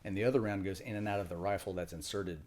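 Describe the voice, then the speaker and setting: Deep-voiced retired Marine telling a story. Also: male voice, steady tone, fast talker, a little mellow. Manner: matter-of-fact, loose, with fillers and restarts. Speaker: podcast guest, retired Marine. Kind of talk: casual storytelling interview.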